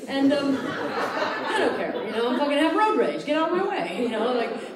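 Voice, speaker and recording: A brash woman doing stand-up, her voice swinging wildly up and down as she rants and swears about her grievances. She is a little higher than most women, and her handheld mic rings out through a very roomy theatre. Clear audience laughter rolls in behind her. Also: normal speed, a crowd in the background. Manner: brash, profane, animated, ranting. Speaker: stand-up comedian. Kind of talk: stand-up comedy set. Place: theatre stage before a live audience. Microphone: handheld stage mic.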